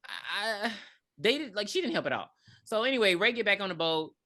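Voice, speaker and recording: A woman's voice: mid-range voice, expressive, a little fast, sharp tone. A woman co-hosting a podcast, reviewing a movie in casual chat, blunt and profane, laughing often. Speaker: podcast co-host.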